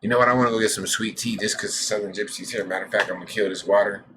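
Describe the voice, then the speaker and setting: Loose, swearing stream host, a man with a lowish voice and a faint hiss behind him. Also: steady tone, rapid-fire, sharp tone, rough recording. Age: adult with a daughter. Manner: rambling, loose, swears often; reads lists aloud with side remarks. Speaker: host of a cannabis news show. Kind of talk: casual live-stream chat.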